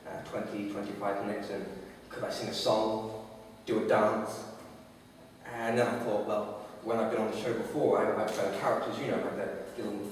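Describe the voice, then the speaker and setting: A man playing a halting, mock-earnest comedian. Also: lowish voice, little pitch movement, slight background noise, lightly acted. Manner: halting, full of uh and restarts. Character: awkward stalling male comedian, mock-earnest. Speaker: live performer. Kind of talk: stage reenactment of a stand-up routine. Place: dance studio, in front of an audience. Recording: echoey hall, mic far off.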